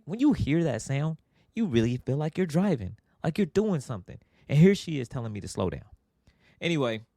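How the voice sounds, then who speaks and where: Animated storytelling man, lively pitch. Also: dry recording, studio quality. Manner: animated, acts out quotes with big pitch jumps. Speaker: podcast host. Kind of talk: casual storytelling monologue.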